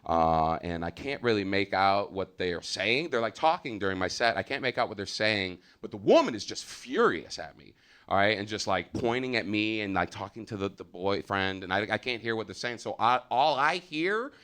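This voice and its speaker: A man with an American accent doing live stand-up, loud and profane, with a lot of filler uhs. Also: lowish voice, expressive, normal speed, clear, resonant tone. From United States. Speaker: stand-up comedian. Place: comedy theater stage.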